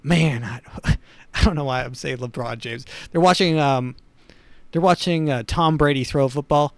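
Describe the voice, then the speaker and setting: A man hosting a comedy podcast, delivering a rambling, sardonic monologue full of dark humor. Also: on the high side, normal speed, no room sound. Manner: sardonic, rambling, dark humor, chuckles at his own jokes. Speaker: podcast host.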